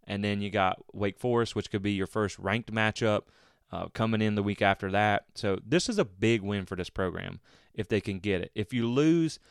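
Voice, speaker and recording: A man's voice: lowish voice, normal speed, gravelly, smooth, no room sound, clean studio sound. A man hosting a solo sports podcast, talking casually in a rambling way with frequent restarts. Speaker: podcast host.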